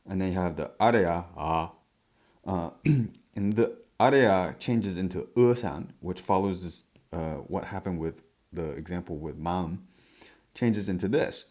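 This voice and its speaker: A man teaching a language lesson, explaining step by step with frequent fillers and throat clearing. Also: low voice, a little mellow.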